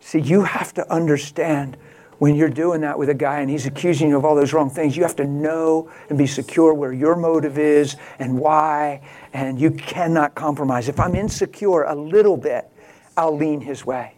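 Man, pastor, sermon, slightly high voice, storytelling, quiet-to-loud swings. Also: steady tone, normal speed.

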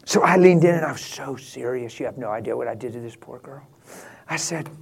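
A man's voice: mid-range voice, a little fast, creaky, husky. A middle-aged man preaching, telling a funny story with frequent laughter. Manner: laughing, animated anecdote telling. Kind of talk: sermon storytelling.

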